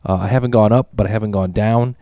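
A man's voice: fairly low pitch, fairly even intonation, fast talker, mellow, no room sound. A man hosting a weight-loss podcast in a casual, chatty, self-deprecating way, reading listener emails aloud. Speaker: podcast host.

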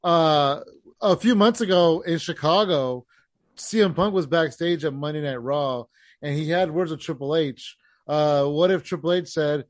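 A man with a slightly high voice co-hosts a casual wrestling chat, agreeing readily and floating his own theories. He laughs easily. The sound is dry and close, with no room echo. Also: unhurried. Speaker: podcast co-host.

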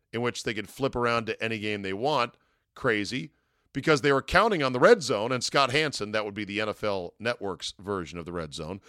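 A man's voice: lowish voice, fairly bright tone, no echo, clean studio sound. A man hosting a sports talk podcast, delivering a casual, digressive monologue with wry asides. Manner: wry, digressive, chuckles at his own asides.

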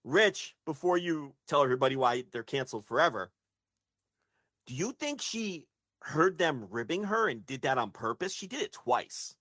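Bright-voiced man hosting a podcast. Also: a little high, big pitch swings, moderate pace, no echo. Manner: wry, profane, leads the conversation. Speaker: podcast host. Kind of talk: casual podcast chat.

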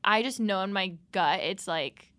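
A young woman co-hosting a podcast in casual chat, gushing and excitable, restarting with "like". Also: medium pitch, measured pace, no echo. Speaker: podcast co-host. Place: podcast studio.

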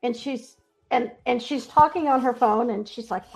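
A woman guest describing her work helping ghosts, speaking as a confident, animated storyteller. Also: fairly high pitch, normal speed, gravelly. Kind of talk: earnest spiritual storytelling. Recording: dull lo-fi sound.

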